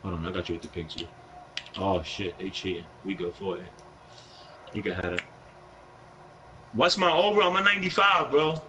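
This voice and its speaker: A man's voice: deep voice, animated, moderate pace, pauses often, noisy background. A young man with a New York accent, live-streaming a basketball video game, talking in brash, profane trash talk with an aggressive edge. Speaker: gaming streamer.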